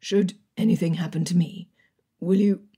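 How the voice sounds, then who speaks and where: A woman voicing a proud, brooding young Regency gentleman in an audiobook, speaking low, slow and strained. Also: fairly even intonation, husky. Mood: anguished. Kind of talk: audiobook character reading.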